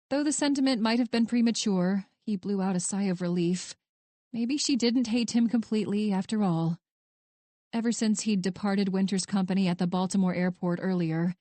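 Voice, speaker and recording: A woman narrating a romance audiobook in an even, measured storytelling voice. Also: mid-range voice, dry recording.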